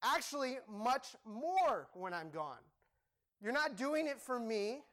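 A young man preaching a sermon in an animated, joking, emphatic way. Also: very high-pitched, takes it slowly.

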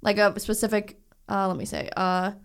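A woman's voice: mid-range voice, level tone, moderate pace, creaky, clear, resonant tone. Blunt, playful woman chatting. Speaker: podcast co-host. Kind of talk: casual chat.

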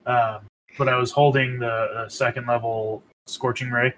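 A man's voice: medium pitch, level tone, moderate pace, fairly bright tone, a little hiss or hum, rough recording. Hesitant man player in a tabletop game. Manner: hesitant, many ums and restarts. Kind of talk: casual tabletop game play over voice chat.

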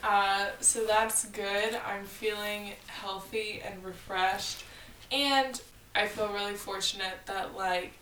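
A woman's voice: medium pitch, fairly even intonation, takes it slowly, a bit bright, recorded from a distance. A young woman talking casually, chatty and laughing often, with lots of fillers. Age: young adult. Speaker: co-host. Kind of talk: casual chat. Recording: roomy sound, faint background noise, a little off the mic.

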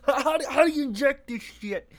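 A man's voice: very high-pitched, a little fast, voice pushed up. A man voicing a dim-witted male cult follower, stammering frantic questions. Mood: panicky.

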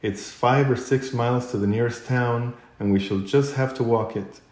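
Man voicing a firm storybook rat, stern and loud, mellow, echoey room. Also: mid-range voice, moderate pace, lightly acted. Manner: firm, shouting. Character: indignant male water rat, stern and practical.

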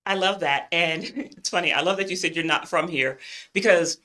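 A woman with a Southern US accent hosts her podcast in a chatty, upbeat way. Her voice is bright and forceful, and her laughs come easily. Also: fairly low pitch, moderate pace. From northern United States. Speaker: podcast host. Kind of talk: casual podcast interview.

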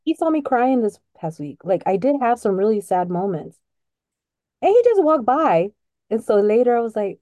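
A middle-aged woman talks with open, heartfelt emotion in a relaxed podcast conversation, often breaking into laughter. Her tone is soft and mellow, recorded close and dry. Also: fairly high pitch, moderate pace, no echo. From Latino family background. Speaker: podcast co-host.

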